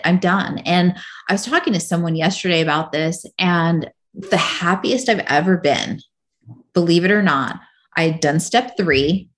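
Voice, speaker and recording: A woman's voice: low voice, fairly bright tone. A woman guest on a podcast, telling her personal story candidly in a casual, rambling way full of "like". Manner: casual, rambling, heavy use of "like".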